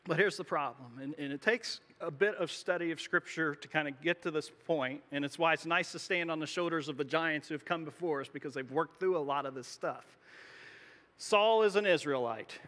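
Pastor, male, conversational sermon delivery with frequent restarts, high bright voice. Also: fairly quick. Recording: long hall reverb.

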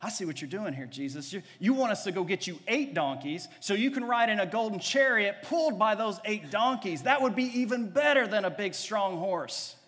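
A man putting on eager excited disciples. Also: sits high, normal speed, few pauses, in a large hall, pitched above the performer's own voice. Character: eager male disciples pitching grand ideas.

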